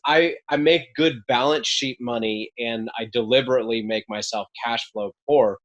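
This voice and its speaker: A young man as a podcast guest, chatting casually and candidly, often restarting his sentences as he tells stories. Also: medium pitch. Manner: candid, storytelling, frequent restarts. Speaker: podcast guest, mobile home park investor. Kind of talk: casual interview chat.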